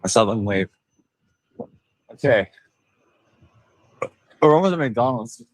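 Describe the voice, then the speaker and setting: A man's voice: medium pitch, lively intonation, slow pace, dry recording. A tipsy man live streaming while walking outdoors, rambling and bantering rowdily with his chat on a handheld phone. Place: outdoors on town streets.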